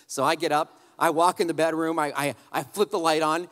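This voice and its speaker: A man preaching a sermon, telling a humorous family story in an animated, conversational way and addressing the crowd directly. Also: on the high side, brisk, big-room sound. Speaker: pastor.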